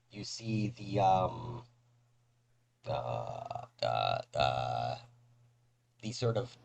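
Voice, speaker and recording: A man's voice: sits low, creaky, slight background noise, rough recording. A man narrating as game master of a tabletop game, casual and hesitant with many fillers.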